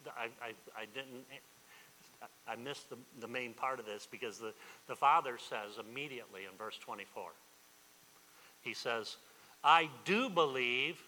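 A man's voice: medium pitch, moderate pace, long pauses, bright, forceful tone, big-room sound, rough recording. A man preaching a sermon as pastor, emphatic and repetitive, often restarting his phrases.

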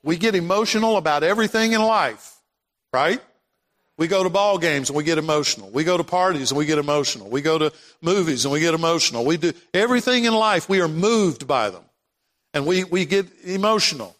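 Man, pastor, sermon, high voice, impassioned repetition, long church reverb. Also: expressive, fairly quick, a bit bright. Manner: impassioned preaching, rising to emphatic repetition. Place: church sanctuary.

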